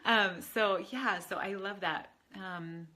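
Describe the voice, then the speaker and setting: A woman's voice: mid-range voice, takes it slowly, sharp tone. A woman spiritual advisor talking casually on a livestream, chatty and rambling with many fillers, answering viewers. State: tearful at times.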